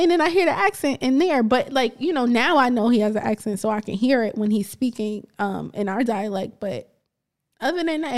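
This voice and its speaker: A woman co-hosting a podcast, talking bluntly in casual chat and laughing often. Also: on the high side. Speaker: podcast co-host.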